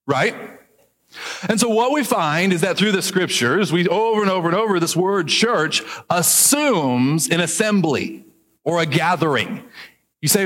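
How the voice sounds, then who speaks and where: A man preaching a sermon as pastor, lively, joking aside now and then and drawing out key words for emphasis. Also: high-pitched. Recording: long hall reverb.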